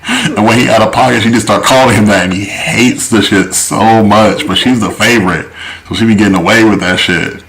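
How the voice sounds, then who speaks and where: A man's voice: on the low side, fairly even intonation, a little fast, crowd noise, poor audio. A man co-hosting a podcast, telling a story in a laid-back, slangy way with many fillers and chuckles. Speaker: podcast co-host. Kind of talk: casual storytelling chat.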